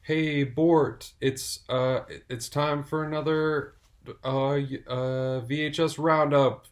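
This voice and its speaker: A bumbling cartoon dad with a dopey, growly voice, pitched well above the man doing it. He stammers through his lines and grumbles in frustration. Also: little pitch movement, slow. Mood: goofy.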